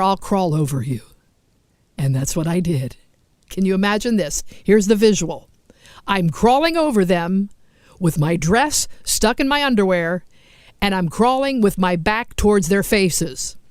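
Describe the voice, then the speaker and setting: A woman hosting a show and telling funny stories in a lively, self-mocking way, playing out the lines of people in her stories. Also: medium pitch, dry recording, clean studio sound. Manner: animated, self-mocking, acts out quoted lines. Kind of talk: storytelling monologue.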